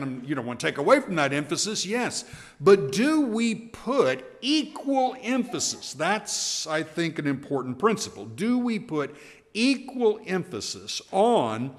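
A man teaching an evening Bible class, animated and emphatic, often restarting his sentences. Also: on the high side. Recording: long hall reverb.

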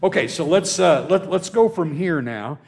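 Gravelly-voiced man teaching a Bible class. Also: fairly high pitch, expressive, normal speed. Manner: checks in with the class, repeats words when restarting.

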